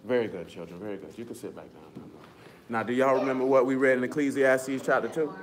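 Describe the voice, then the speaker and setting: A man's voice: medium pitch, quick pace, slight background noise. A man teaching a Bible study to a small group, coaxing listeners to read before turning emphatic and preachy. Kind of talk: scripture lesson to a small group.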